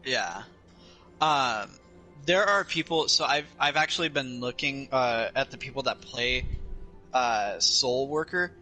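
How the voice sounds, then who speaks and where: A man's voice: medium pitch, expressive, unhurried, sharp tone, faint music behind. A man chatting casually on a gaming show, hesitant and searching for words. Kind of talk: casual chat.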